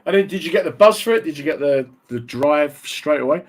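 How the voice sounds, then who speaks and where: A man's voice: fairly high pitch, animated, a little fast. A British man hosting a radio talk show, asking teasing, jokey questions in casual conversation. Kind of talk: casual interview.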